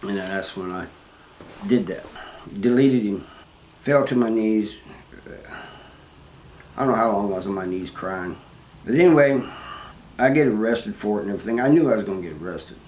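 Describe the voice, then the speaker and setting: Casting note: a man with a lowish voice, plain-spoken and halting, recorded in a roomy space with faint background noise. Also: lively intonation, darkish tone. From Missouri, US. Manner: plain-spoken, halting, with restarts and "you know". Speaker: former prisoner telling his story. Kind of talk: first-person storytelling.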